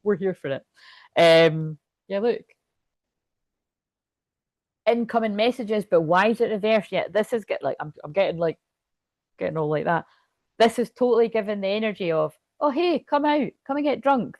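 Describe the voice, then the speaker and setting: A woman giving a casual tarot reading to camera, chatty and excitable, thinking aloud and swearing freely. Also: medium pitch, dry recording. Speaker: tarot reader.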